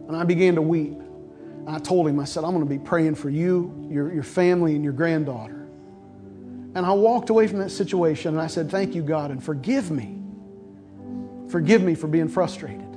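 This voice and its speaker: A man's voice: fairly high pitch, warm tone. A middle-aged male pastor preaching a sermon, telling a personal story earnestly and repeating words as he builds his points.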